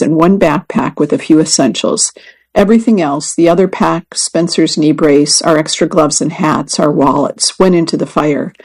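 A woman reading a first-person magazine story and article aloud in an even, measured way. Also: low voice, poor audio. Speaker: reader. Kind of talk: scripted narration of a magazine story.

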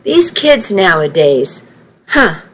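A woman's voice: lowish voice, very animated, slow, fairly bright tone, heavily acted, rough recording. A woman voicing a gossipy older woman who disapproves of young people. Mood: disapproving. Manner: tutting, disapproving.

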